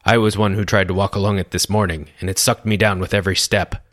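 A man voicing a rattled male villager who mutters slowly. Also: low-pitched, flat delivery, fairly bright tone, no echo, clean studio sound. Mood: shaken. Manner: muttering, slow.

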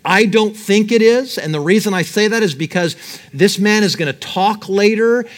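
A middle-aged man preaching with an animated delivery, his voice sitting a little higher than most men's. He reads scripture aloud and dramatizes it. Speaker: pastor. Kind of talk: sermon.

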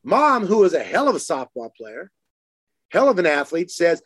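Brief: high-pitched male host, animated storyteller, dry close sound. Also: normal speed, dry recording. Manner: animated, acts out quotes in lively higher voices. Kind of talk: casual storytelling chat.

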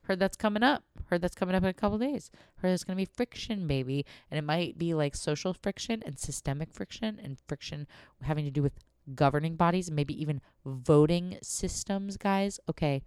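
A young woman with a low, smooth voice hosts her own podcast in a playful, rambling way, giggling as she goes. She sits close to the microphone in a dry, dead room. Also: darkish tone, no room sound. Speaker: podcast host. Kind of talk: casual solo podcast chat.

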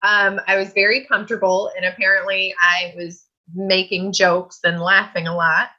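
A woman's voice: medium pitch, little pitch movement, moderate pace, pushed and bright, lo-fi sound. A woman guest telling a personal story in a chatty, earnest way that often breaks into laughter.

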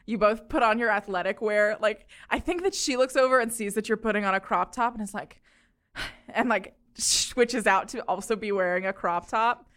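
A woman's voice: mid-range voice, moderate pace, a bit bright. A woman running a tabletop game as game master, casual and giggly, rambling a bit.

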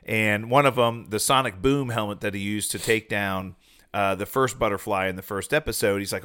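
A man in a casual chat, animatedly retelling a TV episode and acting out the characters' lines. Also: lowish voice. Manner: animated retelling, acting out dialogue in quick voices. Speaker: podcast co-host.

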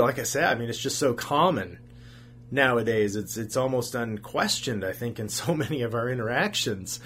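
A man's voice: medium pitch, expressive, normal speed, fairly bright tone, a little hiss or hum. A man preaching a sermon as a pastor, earnest, asking rhetorical questions and repeating phrases for emphasis.

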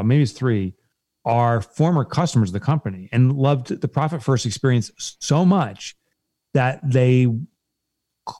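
Animated man telling stories. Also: medium pitch, no room sound. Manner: animated storyteller, upbeat. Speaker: business co-owner, podcast host. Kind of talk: casual chat.

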